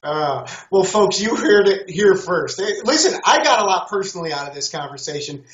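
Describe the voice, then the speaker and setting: A man hosting an interview, asking relaxed questions in casual chat. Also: high voice, moderate pace. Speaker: host. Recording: dull, roomy audio.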